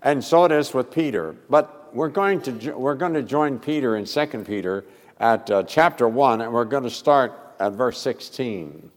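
A male pastor preaching a sermon with expressive delivery and sudden loud emphasis. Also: mid-range voice, normal speed, big-room sound.

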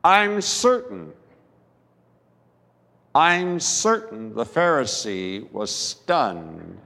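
A male pastor preaches at an unhurried pace, his fairly high voice swooping up and down with emphasis. He lingers on words and leaves dramatic pauses. The sound carries the long echo of a big church hall. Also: fairly bright tone. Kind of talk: sermon.

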